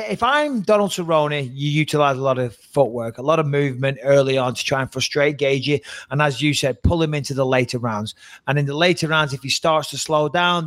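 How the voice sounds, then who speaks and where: A man co-hosting a podcast, giving fight picks in animated, teasing casual chat with emphatic repetition. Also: a little high. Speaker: podcast co-host and fight pundit.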